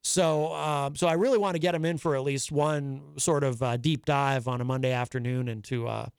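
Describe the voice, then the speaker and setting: A man's voice: mid-range voice, steady tone, moderate pace, vocal fry, clean tone, no echo. A man hosting a live radio talk show from a studio, chatting in a rambling, self-amused way on a studio microphone. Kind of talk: casual monologue.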